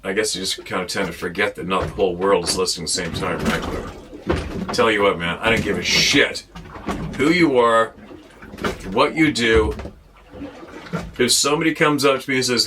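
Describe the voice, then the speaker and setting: Blunt, swearing man with a bright voice. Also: lowish voice, moderate pace, long pauses, a little hiss or hum. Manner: blunt, profane and exasperated. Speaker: host. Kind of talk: ranting monologue to camera. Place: on a boat.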